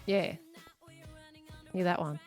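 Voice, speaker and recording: A woman's voice: fairly low pitch, fairly even intonation, slow, a little mellow, soft background music. A woman with an Australian accent chatting casually with a friend while gaming, playful and laughing often. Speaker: streamer.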